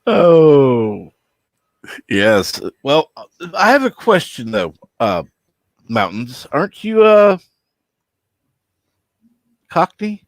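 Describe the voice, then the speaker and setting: Slow-talking man hosting a stream. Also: a little high, wildly swooping pitch, dry recording. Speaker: stream host reading chat. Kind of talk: casual chat on a live stream.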